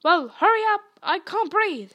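A woman's voice: high voice, lively intonation, measured pace. A woman reading the lines of a brave, decisive boy wizard, speaking urgently and in command.

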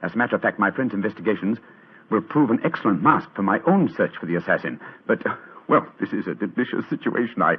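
A clever detective talks crisply with dry amusement, in a slightly husky mid voice. The sound is an old radio drama, thin and tinny like a phone line. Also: male voice, lowish voice, animated, quick pace. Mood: composed. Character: brisk, clever male detective, middle-aged. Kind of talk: 1940s radio acting.

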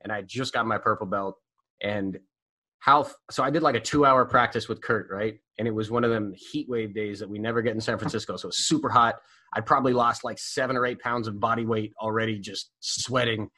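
A man telling stories in a casual, animated way, swearing freely and leaning on fillers. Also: on the low side, fairly quick. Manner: animated, profane, full of fillers. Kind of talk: casual storytelling.

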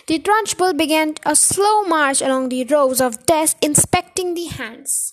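A woman reading a children's book chapter aloud in a casual, steady way. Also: sits high, measured pace, hardly any pauses. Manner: steady, plain reading with friendly intro. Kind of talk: casual storybook read-aloud.

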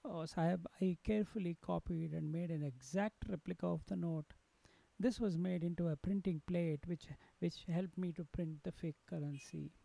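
A man's voice: on the high side, fairly even intonation, moderate pace, gravelly, mellow, dry recording. A man voicing a humble, remorseful male prisoner who pleads in a tearful, trembling voice. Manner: pleading, repeatedly calls the other man sir.

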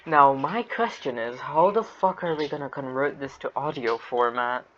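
A man's voice: mid-range voice, normal speed, fairly bright tone. Swearing man on a cheap mic. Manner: loose, swearing, laughing often. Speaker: podcast co-host. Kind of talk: casual chat. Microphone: cheap non-noise-cancelling microphone. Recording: dull cheap mic with fan hum. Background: fan hum and birds.

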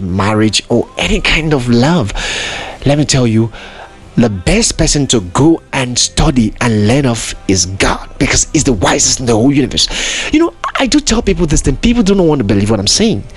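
A man's voice: medium pitch, breathy edge. A man hosting a podcast, preaching in an emphatic, repetitive way full of rhetorical questions. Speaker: podcast host. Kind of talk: preaching monologue.

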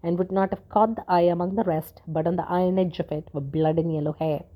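Mellow, low-voiced woman reading a story. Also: fairly even intonation, brisk. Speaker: audiobook narrator. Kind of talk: scripted narration of a story.

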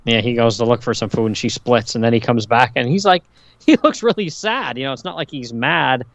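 A man co-hosting a podcast, retelling comic scenes in a relaxed way and reading out dialogue. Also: mid-range voice, fairly quick, no room sound, muffled recording. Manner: relaxed, frequent "you know", reads out dialogue. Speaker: podcast co-host. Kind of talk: casual podcast chat recapping a comic.

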